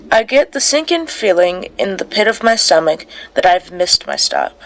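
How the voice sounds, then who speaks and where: A woman's voice: lowish voice, big pitch swings, normal speed, hardly any pauses, a bit bright, rough recording. A woman reading a story game aloud in a sleepy way, stumbling over words, correcting herself and breaking off for casual asides.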